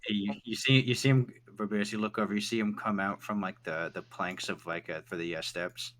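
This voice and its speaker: A man's voice: on the low side, fairly even intonation, a little fast, fairly bright tone, a little hiss or hum. A man narrating a tabletop game as game master, often stumbling and repeating words.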